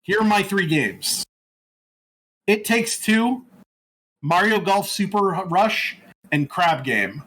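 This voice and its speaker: A man co-hosting a casual podcast, talking bluntly and swearing freely in an animated way. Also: high voice, slow pace, long pauses, poor audio. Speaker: podcast co-host. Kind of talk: casual chat.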